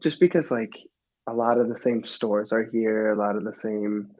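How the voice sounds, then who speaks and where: A man's voice: lowish voice, fairly even intonation, moderate pace, a little mellow, muffled recording. A man in his twenties from Minnesota, a podcast guest who talks in a loose, rambling way with many restarts. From Minnesota, USA. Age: 20s. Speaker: guest, professional soccer player. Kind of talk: casual podcast chat.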